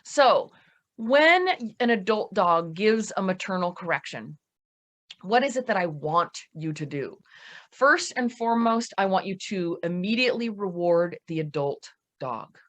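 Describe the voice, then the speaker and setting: Lively woman giving a dog-training lecture. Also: medium pitch. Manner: lively, emphatic, talks fast at times. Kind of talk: seminar lecture.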